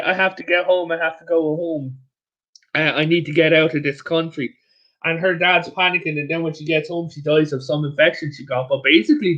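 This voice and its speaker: A man with an Irish accent, a guest on a casual history show, telling history stories in an animated, rambling way with many restarts. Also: sits high, dull audio. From Ireland.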